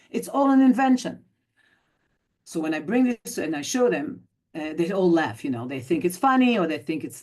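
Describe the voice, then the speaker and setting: A woman's voice: lowish voice, darkish tone. A woman in her fifties, from Belgium, giving a talk over a video call in an emphatic way and acting out quoted dialogue. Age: 50s. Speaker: guest speaker, activist. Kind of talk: online talk.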